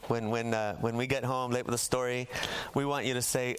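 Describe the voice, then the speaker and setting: A man's voice: medium pitch, level tone, a little fast, a little hiss or hum. A man preaching a sermon in a church, telling a Bible story with humor and acting out the characters' lines for the congregation. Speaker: pastor. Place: church sanctuary.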